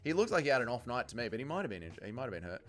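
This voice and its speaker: A young Australian man hosting a casual livestream, reading out viewer comments with loud laughter and plenty of swearing. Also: medium pitch, sing-song, racing. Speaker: livestream host.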